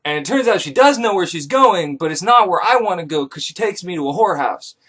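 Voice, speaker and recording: A man retelling an ancient tale as casual comedy, irreverent and profane with deadpan asides. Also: high voice, a little fast, breathy edge. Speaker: comedic myth storyteller.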